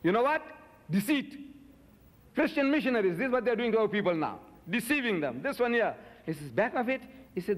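An older man giving a public religious lecture, forceful and indignant, firing rhetorical questions at his audience. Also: high-pitched, big pitch swings, brisk. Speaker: Islamic preacher. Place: lecture hall in the USA. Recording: lecture hall with long reverb.

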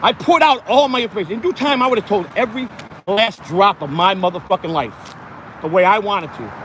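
A man rants on a phone livestream while out walking in the heat, swearing and repeating himself. His voice sits fairly high for a man. Faint traffic hum runs behind him. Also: expressive, fairly quick, fairly bright tone. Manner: profane, ranting, repetitive. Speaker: host. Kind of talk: angry livestream rant. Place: outdoors, walking in hot sun.

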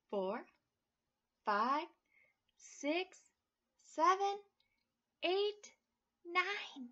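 A woman reading a picture book aloud to children, very animated and slow, with sing-song counting and playful animal sounds. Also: sits high, lo-fi sound. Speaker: children's story reader.

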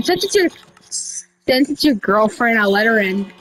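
Excitable high-voiced woman role-playing. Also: a little slow, faint music behind, rough recording. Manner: excitable, breaks into sudden high shouts; rambling, with many restarts and y'all. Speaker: roleplayer running a candy store character. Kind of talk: casual game role-play over voice chat.

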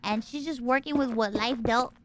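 A woman's voice: on the high side, normal speed. A woman streamer in casual chat, telling stories animatedly and swearing freely. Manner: animated storytelling, acting out her mom.

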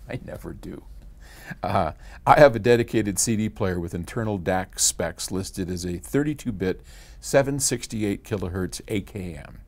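An older man casually answering a viewer's letter about audio gear, reading it aloud and chatting with soft laughs. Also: fairly low pitch. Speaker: company founder answering viewer questions.

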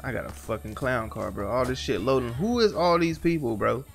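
A man's voice: mid-range voice, fairly quick, gravelly. Dude riffing over his game, slangy and cussing, voice jumps all over, game music behind. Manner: animated, slangy, profane reactions. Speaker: gaming commentator. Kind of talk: let's play commentary.

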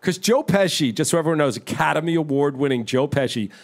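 A man with a fairly high voice co-hosts a laid-back podcast. He tells his stories in bursts, breaking into laughter, eager to get the tale out. The talk is loose, casual chat. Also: fast. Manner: laughing, excitable storyteller. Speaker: podcast co-host.

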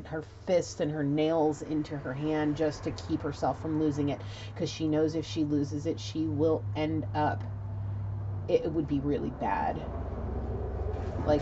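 Low-voiced, chatty woman doing a reading. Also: muffled recording, a little hiss or hum. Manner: animated, chatty storytelling with fillers. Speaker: tarot reader. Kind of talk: casual spiritual reading.

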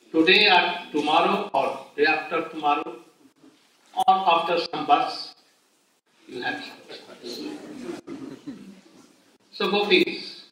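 A man's voice: a little high, sharp tone, distant mic. Older man lecturing in an echoey hall. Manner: slow storytelling with frequent exclamations. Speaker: spiritual teacher. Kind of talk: devotional lecture.

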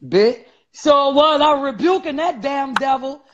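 A man, telling stories loudly and profanely in a casual chat. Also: very high voice, unhurried. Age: 40s. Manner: loud, profane, animated storytelling. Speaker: guest. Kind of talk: casual live-stream chat. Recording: dull lo-fi sound.

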